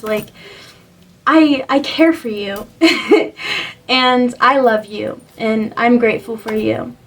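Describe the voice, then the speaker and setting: A woman's voice: fairly high pitch, distant mic, rough recording. Earnest young woman giving spiritual encouragement. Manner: earnest and encouraging, rambling with many "like"s. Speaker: spiritual reader. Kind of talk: motivational spiritual reading to camera.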